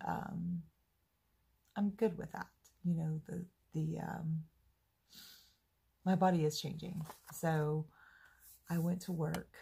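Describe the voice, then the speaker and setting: A woman with a low, gravelly voice chats to the camera in an easygoing diary vlog. She speaks slowly and sounds husky and rough-edged. Her tone is upbeat and self-deprecating. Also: warm tone. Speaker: vlogger.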